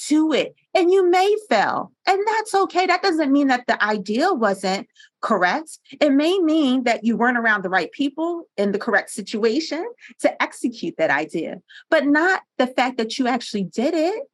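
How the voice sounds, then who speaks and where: A woman from Pennsylvania, a guest on a podcast interview, telling stories in an animated, earnest way with frequent laughs, recorded on a studio microphone. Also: high-pitched, moderate pace. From Pennsylvania, USA.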